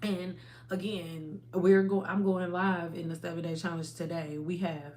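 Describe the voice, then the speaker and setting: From her home, a woman hosts a hair care livestream, speaking to viewers casually with animated emphasis. Her pitch sits fairly low and she takes her time.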